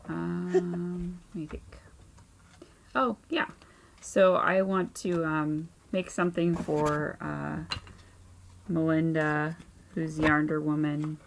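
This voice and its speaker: A woman in her thirties hosting a knitting podcast at home, chatting casually with lots of ums, tired and low-key. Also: flat delivery, slow pace, creaky, a little hiss or hum. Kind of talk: casual chat. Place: home craft room and playroom.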